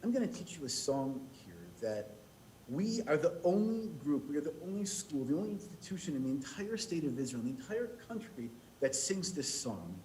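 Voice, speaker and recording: A man's voice: fairly high pitch, sing-song, mellow, slight background noise, rough recording. A man voicing a brash young male Israeli camp counselor who talks bluntly and in a hurry. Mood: reassuring. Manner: blunt, hurried, teasing.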